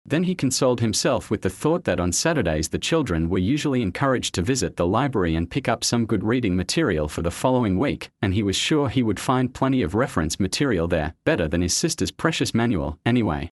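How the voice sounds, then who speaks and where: A man reading a novel aloud with steady, measured storytelling. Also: fairly low pitch, no echo, clean studio sound. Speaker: audiobook narrator. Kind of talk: scripted narration.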